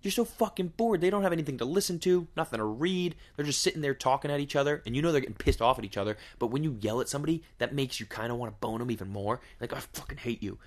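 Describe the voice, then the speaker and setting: A man's voice: medium pitch, expressive, rapid-fire, hardly any pauses. A man riffs casually on his podcast in a crude, joking way. He swears constantly and keeps asking rhetorical questions as he rambles. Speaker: podcast host. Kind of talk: casual comedic podcast monologue.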